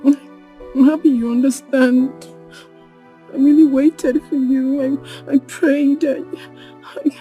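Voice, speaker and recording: An actress playing a tearful, remorseful young woman who pleads haltingly, in a Nigerian English accent. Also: high-pitched, fairly even intonation, narrow, tinny audio, faint music behind. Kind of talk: Nollywood film acting.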